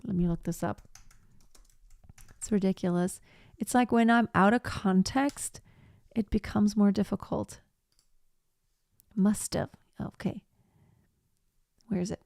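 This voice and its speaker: A woman teaching a live online singing lesson, explaining slowly and breaking off to sing short phrases as demonstrations. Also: mid-range voice, vocal fry, a little mellow, dry recording, clean studio sound.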